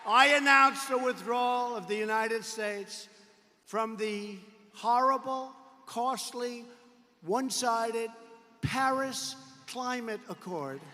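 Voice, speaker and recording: Man at a campaign rally, high-pitched and forceful, boastful and repetitive, echoing through a big arena. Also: slow. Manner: boastful, repetitive, mocking asides, bursts of shouting. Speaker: politician addressing a campaign rally. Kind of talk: rally speech. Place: large indoor arena rally. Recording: long arena reverb.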